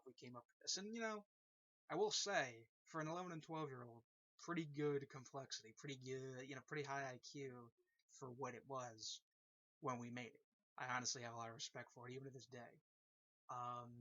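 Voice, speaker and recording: A man's voice: medium pitch, bright, forceful tone, no echo. A man casually explaining a fan-made story at length, rambling with lots of fillers and repeated phrases. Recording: dull lo-fi recording.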